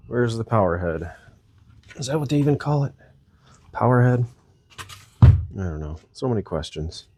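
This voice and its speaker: A middle-aged man talks his way through fixing an old chainsaw in a casual, rambling manner. His voice sits a little low, and he keeps chuckling at his own mistakes. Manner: rambling, self-deprecating, chuckles often. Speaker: channel host repairing a chainsaw. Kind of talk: casual workshop narration.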